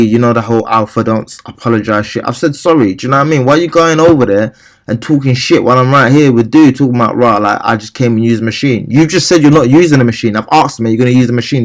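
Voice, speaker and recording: Heated, rambling young man. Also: medium pitch. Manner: rambling and heated, acting out his own replies. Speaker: vlogger. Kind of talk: casual storytelling rant.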